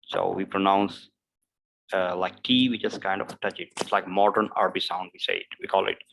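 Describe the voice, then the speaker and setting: A man runs an English pronunciation lesson in a low, gravelly voice. He drills every example word by saying it again and again. His chatty explanations are full of fillers. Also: flat delivery, background noise. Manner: repeats each word slowly several times, with loose fillers.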